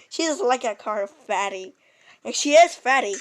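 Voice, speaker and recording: A woman giving playful, excitable commentary while playing a video game, taunting and laughing as she goes. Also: on the high side, a little fast. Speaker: gamer.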